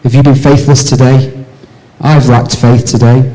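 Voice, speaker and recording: A man preaching a church sermon, asking the congregation rhetorical questions and moving between raised emphatic lines and soft, low passages. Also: flat delivery, measured pace, rough recording. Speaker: pastor.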